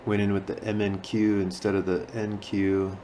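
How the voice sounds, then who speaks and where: A man's voice: on the low side, little pitch movement, moderate pace, dark tone, slight background noise. A man talking casually through his trading session, sounding sleepy as though he just woke up. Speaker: day trader. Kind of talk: casual trading commentary and voice-over.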